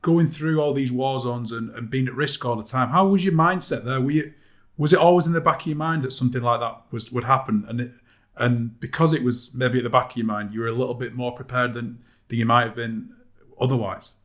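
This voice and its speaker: A man's voice: medium pitch, fairly even intonation, brisk. A man co-hosting a podcast, asking thoughtful, long winding questions in casual chat. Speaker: podcast co-host.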